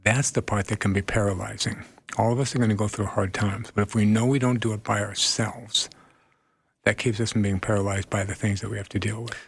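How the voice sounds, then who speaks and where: A man speaking as a guest therapist in a radio interview, earnest and animated, laughing often as he tells stories. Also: on the low side, fairly quick, vocal fry, breathy edge.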